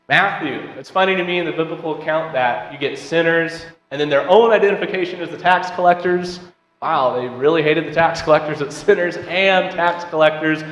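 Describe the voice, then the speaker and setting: Guy teaching bible class, kinda high voice, big echoey church hall. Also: a bit bright. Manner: conversational, asks the class questions, reads scripture aloud. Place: church auditorium. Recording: roomy hall with long reverb.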